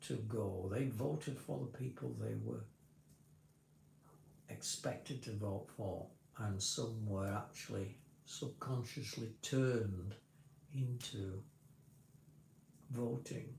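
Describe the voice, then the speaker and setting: A man's voice: medium pitch, creaky, dark tone, roomy sound, a little hiss or hum. A man vlogger talking casually to a livestream in a rambling, explanatory way, often restarting his sentences. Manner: rambling, self-correcting, explanatory.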